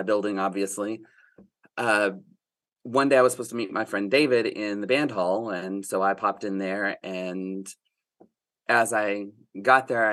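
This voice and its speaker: A man, a podcast guest, telling a relaxed personal story from his college years. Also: on the low side, no room sound. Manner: relaxed storyteller, laughs a little.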